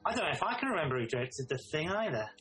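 A man co-hosting a podcast in casual film chat, agreeable and quick to back up his partner. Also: a little high, sing-song, a bit bright, soft background music, poor audio. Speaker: podcast co-host.

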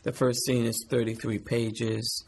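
A man answering interview questions in a measured, thoughtful way. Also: medium pitch, completely flat delivery, slight background noise. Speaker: actor being interviewed.

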